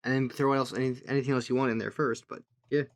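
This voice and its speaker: A man's voice: medium pitch, fairly even intonation, fast. A young man co-hosting a casual podcast chat, rambling and laughing at his own jokes. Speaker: podcast co-host.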